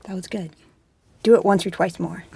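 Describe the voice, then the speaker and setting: A woman's voice: fairly low pitch, fairly even intonation, moderate pace, gravelly, warm tone, husky, no room sound. A woman voice actor in wry, casual chat between takes, complaining and joking. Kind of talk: casual studio outtake chat.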